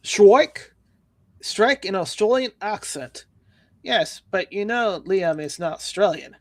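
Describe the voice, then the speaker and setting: A man's voice: high voice, expressive, slow, dry recording. A man hosting a livestream, reading viewer comments and news aloud with sarcastic jokes. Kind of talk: casual news roast chat.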